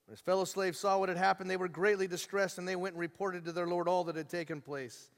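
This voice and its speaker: Animated high-voiced preacher in a reverberant hall. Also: male voice, fast, vocal fry. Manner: animated storytelling, acting out the characters' voices. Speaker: pastor. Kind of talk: sermon.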